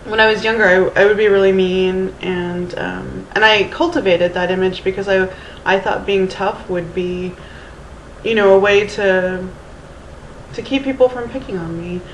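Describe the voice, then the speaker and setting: At a moderate pace and with fairly even intonation, this mid-range female voice comes across muffled with a little hiss or hum. A thirties-aged Houston vlogger, she rambles through a casual storytime using Valley Girl-like speech and lots of ums and restarts, into a camera mic amid roomy, faint ambience.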